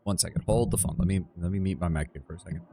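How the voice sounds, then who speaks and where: A man with a deep, low voice chatting casually on a game livestream from home. He thinks out loud, teases himself and keeps restarting sentences as he goes. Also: rapid-fire, husky. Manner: self-deprecating, thinks aloud with restarts. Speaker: game streamer. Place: his apartment.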